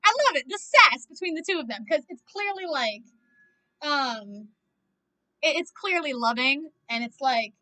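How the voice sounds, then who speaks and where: A young woman talks her way through a movie in an easy, chatty reaction style. Her voice sits high and bounces up and down. She breaks into quick exclamations, and the recording is dry with no room sound. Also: expressive, sharp tone, dry recording. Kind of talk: casual movie reaction commentary.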